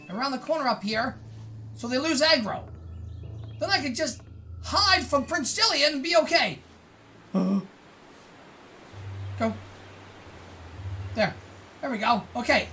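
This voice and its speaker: Bubbly high-voiced woman gaming. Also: pushed and bright, slight background noise. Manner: exclaims and laughs often while playing. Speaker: gaming let's-player. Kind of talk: excited gameplay commentary.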